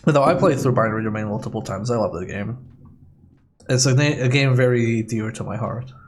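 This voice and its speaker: A man's voice: medium pitch, fairly quick. A man streaming a video game, chatting casually and rambling with jokes as he plays. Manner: joking, rambling. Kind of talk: casual let's play chat.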